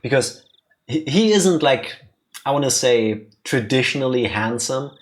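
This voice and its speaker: A let's play co-host chats casually alongside the game, joking and rambling with stammered restarts. The voice sits at a middle pitch and stays conversational throughout. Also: animated, a little slow. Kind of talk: casual commentary chat.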